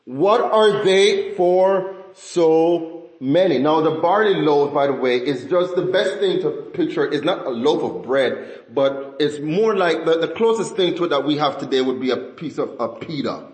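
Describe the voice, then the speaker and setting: High-voiced man teaching scripture. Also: expressive, normal speed, few pauses. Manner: conversational, asks the listeners questions. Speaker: Bible teacher. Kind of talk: sermon-style Bible teaching. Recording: roomy echo.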